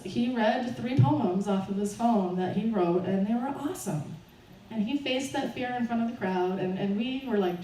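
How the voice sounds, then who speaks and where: A mellow, medium-pitched woman tells a personal story to a live audience at a fundraiser, nervous and laughing as she goes. She's picked up from far away in a roomy space, with faint background noise.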